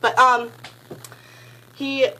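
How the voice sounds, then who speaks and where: A teenage girl telling a story in a casual vlog, gushing and rambling, packing her sentences with "like" and jumping into excited high squeals. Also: drawn-out words, a little hiss or hum, rough recording. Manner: gushing, rambling, heavy use of "like"; bursts into high excited squeals when quoting. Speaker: concert fan recounting a meet and greet.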